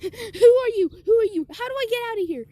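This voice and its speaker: A woman's voice: extremely high pitch, animated, brisk, warm tone, voice pushed up. A woman voicing a frightened four-year-old boy who is crying and calling for his dad. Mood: panicked.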